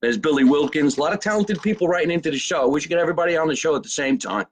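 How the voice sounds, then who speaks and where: A man's voice: a little high, lively intonation, rapid-fire. A man hosting a casual live podcast, joking loosely and reading viewer comments aloud. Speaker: podcast host. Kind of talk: casual live show chat. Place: basement at home.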